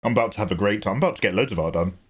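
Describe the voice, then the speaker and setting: An English man hosting a livestream, talking casually in an animated, chatty way, swearing and laughing easily. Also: lowish voice, very fast. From England. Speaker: livestream host.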